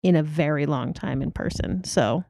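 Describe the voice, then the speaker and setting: A woman co-hosting a loose, bawdy podcast chat, giggling easily between lines. Her voice sits on the low side for a woman. The sound is dry and close, with no room around it. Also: moderate pace, creaky, mellow, dry recording. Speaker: podcast co-host.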